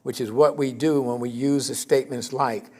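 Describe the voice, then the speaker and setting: A man giving a conversational sermon in a church, often checking in with his congregation and rising in pitch for emphasis. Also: normal speed. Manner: conversational, keeps checking in with "okay?"; animated, rises in pitch and volume for emphasis. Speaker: minister.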